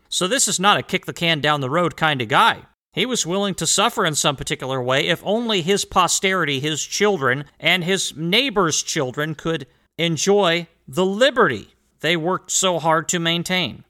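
A man's voice: on the high side, lively intonation, moderate pace, pushed and bright. A man hosting a history commentary monologue, emphatic and rhetorical, who addresses his listeners directly and throws in sarcastic asides. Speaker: host.

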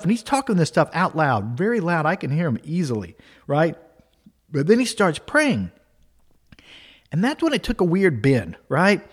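A man telling a funny personal story in a casual, animated way, often checking in with the listener. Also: on the high side. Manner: casual, animated, tag questions.

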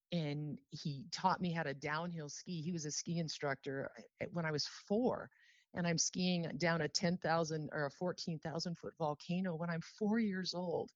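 A woman telling her personal story as an interview guest, earnest and heartfelt, emotional and near tears, slowing down on solemn phrases. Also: deep voice, no echo, lo-fi sound.

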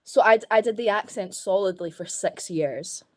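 A woman's voice: mid-range voice, moderate pace. A Scottish woman, a podcast guest in casual chat, telling stories frankly with lots of swearing and "like". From Scotland.

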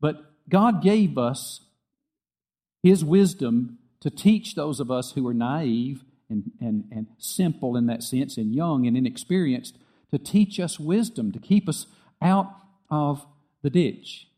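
A middle-aged man preaching a sermon, earnest and repetitive, dropping soft and quiet when he tells a story. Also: fairly high pitch, expressive, slow. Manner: earnest, repeats phrases, drops soft for quoted dialogue. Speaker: pastor.

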